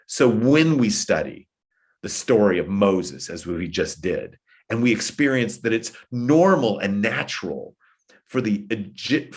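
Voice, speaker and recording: A man preaching to a gathering of church leaders, his pitch swinging widely as he tells stories. He acts out the people he quotes, shifting between their voices and his own. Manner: animated storytelling, acting out quoted voices. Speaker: guest speaker at a church meeting. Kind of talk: sermon-style plenary talk.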